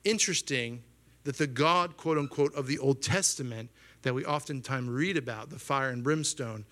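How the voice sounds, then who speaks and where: Animated pastor in his thirties preaching. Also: normal speed. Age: 30s. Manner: animated, acts out quoted voices with rising pitch; asks the congregation questions. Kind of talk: sermon.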